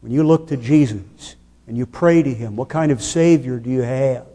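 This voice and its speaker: A man preaching a sermon, slow and emphatic, posing rhetorical questions to his listeners. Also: medium pitch, dark tone, in a large hall.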